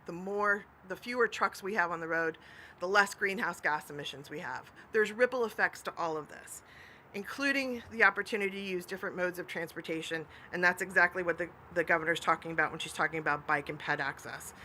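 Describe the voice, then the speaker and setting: Bright, upbeat woman official speaking. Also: lowish voice, fairly quick, slight background noise. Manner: upbeat, laughs between remarks. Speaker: transportation commissioner. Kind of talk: prepared remarks at a press event.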